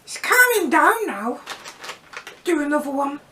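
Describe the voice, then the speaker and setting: A chirpy, squeaky childlike voice. It sits extremely high and moves slowly, exclaiming at every bite. There is a slightly distant mic with faint background noise. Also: female voice, very animated, bright, forceful tone, exaggerated voice. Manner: exclaiming, reacting to food. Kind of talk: food challenge vlog.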